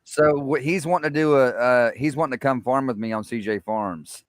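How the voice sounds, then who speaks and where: A man's voice: medium pitch, moderate pace, dry recording, studio quality. A man in his forties, a gaming YouTuber, chatting casually on a live stream in an easygoing way. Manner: easygoing, says "man" often.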